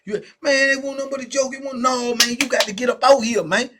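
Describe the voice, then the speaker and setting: A man's voice: sits high, sing-song, fast talker, very noisy. A man voicing a furious older male prison cellmate who scolds in heated, repetitive slang. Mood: angry.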